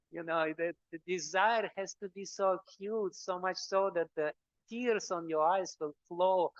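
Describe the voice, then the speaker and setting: A man's voice: a little high, a little slow, no echo. An older man, a monk, giving a devotional lecture as a chuckling storyteller who acts out the voices he quotes. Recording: dull, dry lecture recording.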